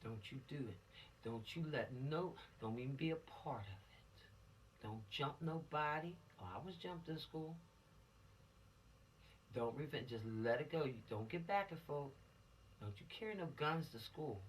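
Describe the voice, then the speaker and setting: A woman's voice: low voice, animated, a little slow, distant mic, slight background noise. A woman, a police officer giving teens an informal law lesson in a folksy, admonishing, preachy way.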